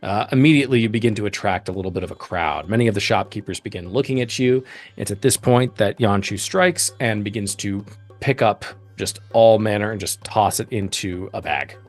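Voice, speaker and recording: Guy dm narrating the game, lowish voice, lots of uhs, faint music under it. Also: a little fast. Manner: descriptive, with many ums and uhs. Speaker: game master.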